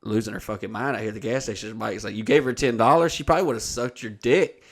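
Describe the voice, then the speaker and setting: Talking at a quick pace in a mid-range voice, a man hosting a podcast spins a profane, rambling anecdote. The story is crude and told in casual conversation.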